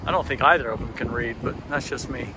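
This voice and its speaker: A man's voice: medium pitch, quick pace, background noise. A man talking casually to the camera from a deck outdoors, chatty and wry, with a self-mocking humor. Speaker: vlogger. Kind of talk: casual vlog narration.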